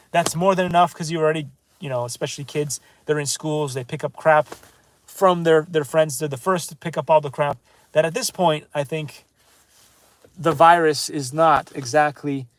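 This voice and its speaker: Hosting a channel, a man with a voice on the high side gives a casual, rambling book review monologue. He digresses, interrupts himself and tosses off asides, while reading French phrases slowly and deliberately.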